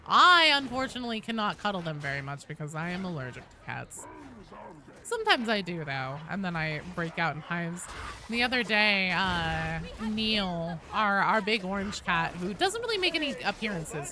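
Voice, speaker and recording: A woman's voice: fairly low pitch, sing-song, moderate pace. A woman in her thirties chatting casually with her stream viewers, rambling with lots of restarts and fillers. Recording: clear background noise.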